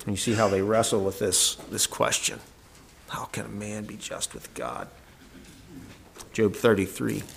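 A man's voice: on the low side, steady tone, unhurried, gravelly, long pauses, slight background noise. A man preaching a sermon, reading old-fashioned scripture verses aloud and then explaining them in plain words with frequent restarts.

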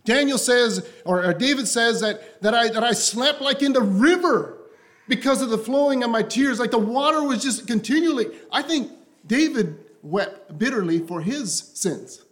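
A man preaching a sermon to a congregation, impassioned and repetitive, often dropping to a soft, low voice. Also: expressive, moderate pace.

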